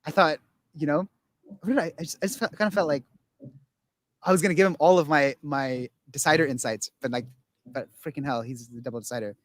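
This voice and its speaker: A man's voice: on the high side, fairly quick. A man talking casually on a podcast, rambling with many restarts and acting out quotes of other people. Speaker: guest.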